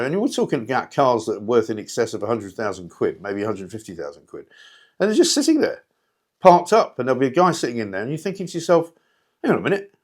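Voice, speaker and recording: A man hosting a talk show, delivering a sardonic, rambling, opinionated monologue straight to listeners. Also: mid-range voice. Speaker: radio talk show host.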